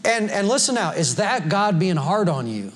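A pastor preaches a folksy, laughter-filled sermon with plenty of scripture to a congregation in a church sanctuary. His high voice has a sing-song quality and a moderate pace, with a little hiss or hum audible.

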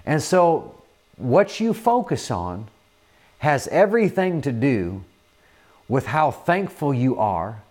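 A man preaching a sermon in an earnest manner, often repeating words and filling pauses with "uh". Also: medium pitch, very animated, a little mellow.

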